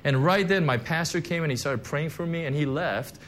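A man's voice: a little high, a little fast, a bit bright, a little hiss or hum. A man preaching a sermon, telling a personal testimony in a conversational, emotional way with many fillers and restarts. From Korean heritage, church background. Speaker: pastor.

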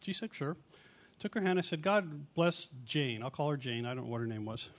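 A man's voice: medium pitch, lively intonation, fast talker. A middle-aged man preaching in a chatty storytelling way, mocking himself and acting out the quotes. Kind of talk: storytelling sermon.

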